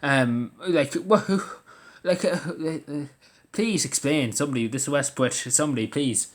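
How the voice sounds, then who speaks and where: An Irish commentator delivers an angry, ranting monologue, swearing often and stammering through restarts. His voice is on the high side, and he speaks at a measured pace.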